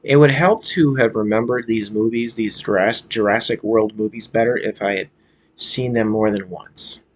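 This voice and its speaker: A man's voice: lowish voice, moderate pace. An American man vlogging in a casual, hesitant way, with many fillers and restarts as he chats about a movie. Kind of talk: casual rambling movie chat.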